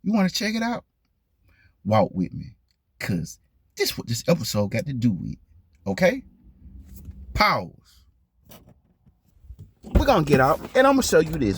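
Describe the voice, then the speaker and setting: A man's voice: fairly high pitch, huge pitch swings, a little slow, long pauses, breathy edge. A man hosting his own vlog in casual talk to the camera, who stresses his points by repeating them and keeps asking the viewers questions. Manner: talks straight to viewers, asks them questions. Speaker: vlog host.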